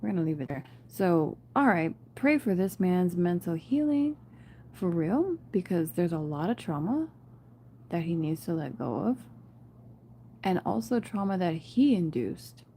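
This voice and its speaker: A woman's voice: on the low side, sing-song, unhurried, dark tone, slight background noise. A woman giving a casual spiritual reading to viewers, chatty and often laughing. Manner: chatty, laughs often, addresses viewers as "you guys" and "y'all". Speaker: tarot reader.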